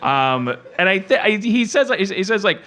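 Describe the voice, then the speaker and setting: A middle-aged man hosting a podcast, telling stories in halting, rambling casual chat and laughing mid-sentence. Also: sits high, big pitch swings, sharp tone. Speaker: podcast host.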